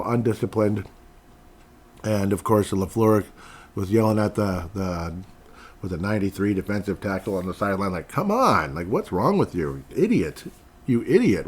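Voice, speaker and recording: A man with a somewhat low voice rambles through casual sports talk as a podcast host. He swings from muttered, grumbling asides to sudden animated bursts. His delivery is loose and conversational, full of restarts and filler.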